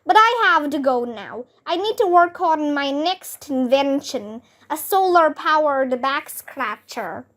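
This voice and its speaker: A woman's voice: high-pitched, expressive, slow pace, few pauses, fairly bright tone, exaggerated voice. A woman voicing a breezy, eccentric female inventor teacher in a storybook reading. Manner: chirpy, announcing.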